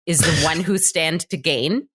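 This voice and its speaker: A woman's voice: low-pitched, measured pace, slightly rough. A woman co-hosting a podcast, chatting casually and retelling a movie scene by scene, acting out the characters' lines. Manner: animated storyteller, acts out characters' lines. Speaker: podcast co-host. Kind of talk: casual chat recapping a movie.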